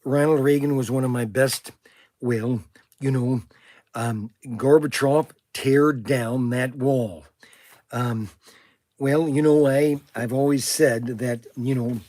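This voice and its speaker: A man doing an impression of a famous older male statesman, slow, halting and oratorical. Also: medium pitch, mellow, dry recording, close to an everyday voice.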